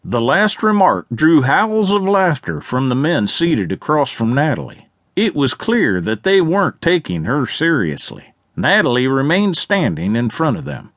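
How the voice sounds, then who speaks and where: A man narrating a western audiobook with lively, expressive storytelling. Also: medium pitch, measured pace, dry recording, clean studio sound.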